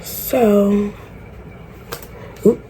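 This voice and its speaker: A woman's voice: medium pitch, level tone, very slow, mellow, slight background noise. A woman vlogging a tutorial in casual chat, talking straight to her viewers, frank, exasperated and swearing freely. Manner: chatty, talks straight to viewers. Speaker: beauty vlogger.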